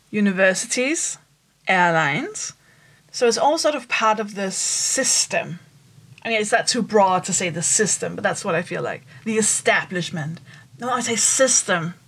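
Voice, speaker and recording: A woman co-hosting a podcast in easy, casual chat. She jokes around and works through her ideas out loud, often trailing off and restarting. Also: medium pitch, lively intonation, measured pace, husky. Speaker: podcast co-host.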